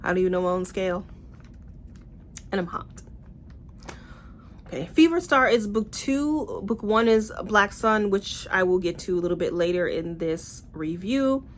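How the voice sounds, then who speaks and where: A young woman casually reviewing books in a vlog, blunt and animated, with swearing and playful asides. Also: medium pitch, normal speed, pauses often, slight background noise. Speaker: book reviewer.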